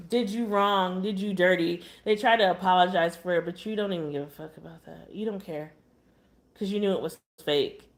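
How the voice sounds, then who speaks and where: Chatty woman reading tarot cards. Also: on the low side. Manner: chatty, blunt, exasperated asides. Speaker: tarot reader.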